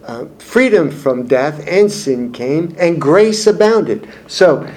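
A man's voice: on the high side, a little mellow, slight background noise. A man teaching through a Bible passage in an expository sermon, speaking in an emphatic, explanatory way. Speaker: preacher.

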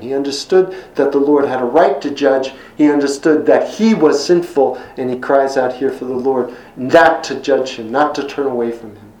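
A middle-aged man preaching a sermon in an earnest, emphatic way, slowing down and repeating words when quoting scripture. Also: medium pitch, a little mellow, echoey room, poor audio. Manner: earnest, emphatic repetitions, slows for scripture quotes. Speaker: pastor.

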